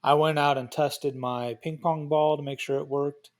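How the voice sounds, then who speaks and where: A man's voice: a little high, steady tone, moderate pace. A man on a podcast as a guest in casual chat, laid-back and joking.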